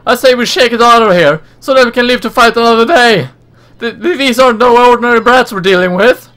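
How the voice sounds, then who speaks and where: A man's voice: extremely high pitch, fairly quick, a bit bright, pitched above the performer's own voice. A man voicing a cowardly street thug in a game, blustering as he backs off.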